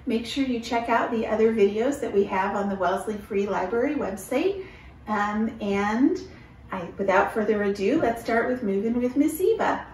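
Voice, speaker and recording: A woman leading a children's movement and song lesson from her home, speaking in a slow, encouraging sing-song way. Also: fairly high pitch, expressive, darkish tone, slight background noise. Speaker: children's movement and music leader. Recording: echoey room, mic at a distance.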